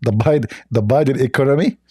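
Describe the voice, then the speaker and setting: A man's voice: medium pitch, quick pace, darkish tone, breathy edge. A man giving sarcastic reaction commentary on clips, mocking and scornful, rambling with broken grammar.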